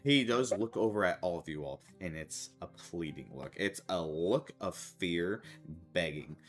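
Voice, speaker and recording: A man narrating a tabletop game as game master, loose and halting with frequent fillers. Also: low voice, animated, soft background music. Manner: loose, halting, laughing between lines.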